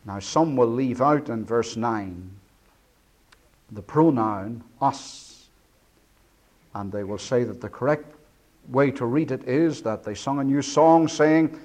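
A man preaching an expository sermon, breaking down words slowly and swinging from booming to hushed.

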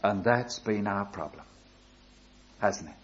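Slow, deliberate older male preacher. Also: lowish voice, dull audio. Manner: slow, deliberate storytelling with rising emphatic appeals. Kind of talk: sermon.

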